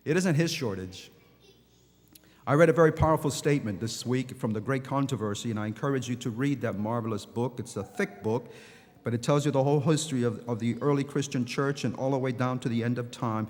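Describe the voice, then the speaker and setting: A man's voice: mid-range voice, a little fast, darkish tone. A male pastor preaching a passionate sermon with repeated phrases and restarts. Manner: impassioned preaching with repetitions and restarts. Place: large church hall. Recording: long church hall reverb.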